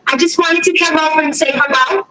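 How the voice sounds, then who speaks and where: A woman's voice: high-pitched, steady tone, a little fast, far from the mic, a loud crowd, pitched above the performer's own voice, close to an everyday voice, low-quality recording. A woman voicing a nosy, pushy neighbor woman with a strong Boston accent, who talks in a chatty, prying, overly familiar way. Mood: chirpy.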